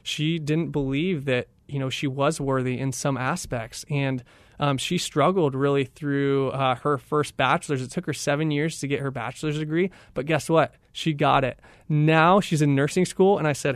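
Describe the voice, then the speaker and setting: Enthusiastic young man with a bright voice. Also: a little high, normal speed, no room sound. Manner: enthusiastic, animated storyteller who acts out voices. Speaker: guest, training director. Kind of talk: motivational talk.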